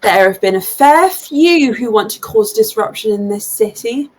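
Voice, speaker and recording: A woman running a tabletop game as game master, narrating scenes in a relaxed, hesitant way with many fillers. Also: fairly high pitch, moderate pace, low-quality recording.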